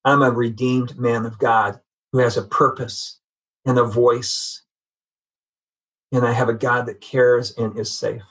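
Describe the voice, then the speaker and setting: A middle-aged man with a husky, slightly breathy voice shares a personal faith testimony. He speaks earnestly and conversationally at a medium pitch. He often halts and repeats words as he searches for the right phrase. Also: little pitch movement, a bit bright. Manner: earnest, halting with frequent restarts. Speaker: guest sharing testimony.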